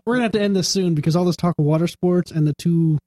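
A man's voice: high-pitched, fast talker, warm tone, dry recording. Laughing man telling a school story. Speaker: podcast co-host. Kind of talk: casual banter.

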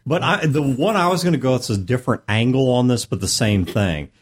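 A man with a mid-pitched voice that rises and falls a lot tells an anecdote in a casual panel chat. He stresses his points with insistent asides and keeps the story rolling. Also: expressive, brisk, slightly rough.

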